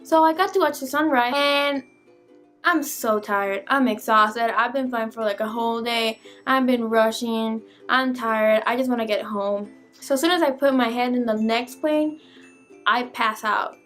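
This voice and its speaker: A young woman vlogger telling a storytime tale in an animated, exasperated way, swearing casually. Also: on the high side, a little slow, soft background music.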